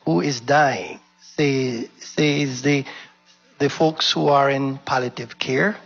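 A man who is a minister, preaching a sermon slowly and emphatically and asking the congregation questions. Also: high-pitched, sharp tone, slightly rough. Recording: dull sound with long hall reverb.

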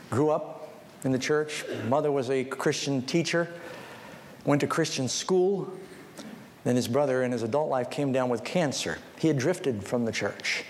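A man preaching a sermon as a pastor, telling stories and acting out the people he quotes, then pleading directly with his listeners. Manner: storytelling, acting out the people he quotes with big pitch swings; pleading, personal appeal to listeners. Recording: hall reverb with faint background noise.

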